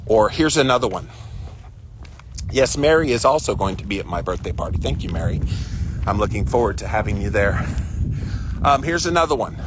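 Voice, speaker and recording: A man's voice: medium pitch, animated, normal speed. A man hosting a casual live stream while out walking, reading viewer comments and giving his opinions in a chatty way, with outdoor noise behind him. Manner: chatty, opinionated, stretches out phrases for emphasis. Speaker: host of a weekly walk-and-talk live stream. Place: outdoors on a walk.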